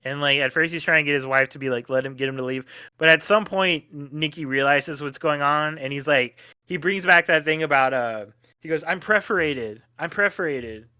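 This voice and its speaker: Bright-voiced young man musing on a film. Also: a little high, brisk, smooth, dry recording, clean studio sound. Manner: hesitant, many fillers and restarts. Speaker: podcast co-host. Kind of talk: casual film discussion.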